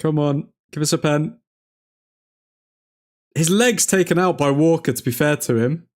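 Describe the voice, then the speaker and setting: Man, football watchalong host, live fan commentary, excitable shouts, grumbling at the ref. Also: fairly high pitch, measured pace. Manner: pleading and grumbling at the referee.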